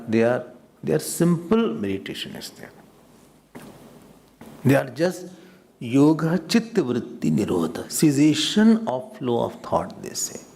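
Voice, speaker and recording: Male swami lecturer, gravelly, slow, talks straight to his class. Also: a little high, darkish tone. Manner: repeats words, mixes in Hindi asides; explanatory, addresses listeners directly. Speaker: swami teaching scripture.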